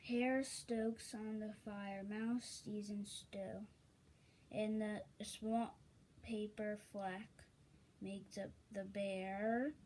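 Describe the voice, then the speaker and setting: A woman reading a children's picture book aloud, unhurried, with chatty asides to listeners. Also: medium pitch, level tone, darkish tone, slight background noise, low-quality recording. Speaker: story reader.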